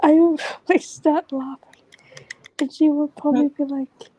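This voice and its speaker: A woman vlogger talking in a casual, rambling monologue that often drifts into soft whispers. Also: sits high, level tone, moderate pace, rough recording.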